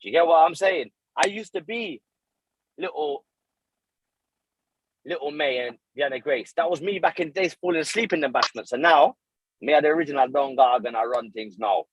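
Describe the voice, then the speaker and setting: A man from boasting loudly in casual podcast banter, full of slang. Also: a little high, normal speed, breathy edge, dry recording, poor audio. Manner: brash and boastful, mixes in slang.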